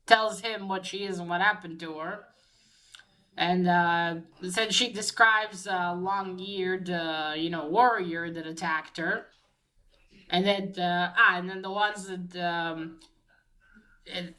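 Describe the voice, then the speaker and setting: A woman's voice: fairly low pitch, bright, forceful tone, poor audio. A woman casually recapping a comic book issue, rambling with many fillers and restarts as she quotes the characters.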